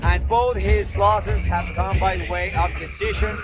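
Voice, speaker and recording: A man's voice: high voice, fairly even intonation, unhurried, loud music behind the voice. A male play-by-play commentator calling a live fight, eager and often stumbling over repeated words.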